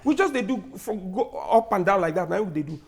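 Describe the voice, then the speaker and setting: A man with a Nigerian accent arguing in a lively TV debate, loud and emphatic, with laughing asides. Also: high-pitched, fast, vocal fry, slightly rough. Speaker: debate guest. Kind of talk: animated debate in Nigerian Pidgin.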